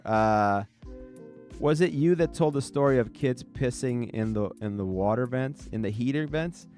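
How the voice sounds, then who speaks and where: A man in his forties from the New York area, hosting a podcast and telling stories from his childhood in a rambling way, with many restarts and frequent laughter. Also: medium pitch. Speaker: podcast host. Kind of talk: casual storytelling.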